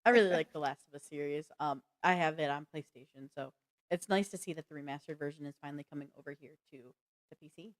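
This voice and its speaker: Lower-voiced chatty woman streamer. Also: fast. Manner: chatty, full of "like" and self-corrections, reads chat aloud. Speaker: co-host of a gaming news stream. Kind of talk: casual live-stream chat.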